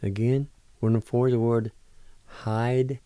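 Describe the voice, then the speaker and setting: A man hosting a radio language lesson, spelling words out and pronouncing each one slowly, syllable by syllable, in a patient, encouraging way. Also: mid-range voice, little pitch movement, mellow, clean tone, dry recording. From Oklahoma, United States. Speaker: language teacher on a radio show. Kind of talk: slow spelling and pronunciation lesson.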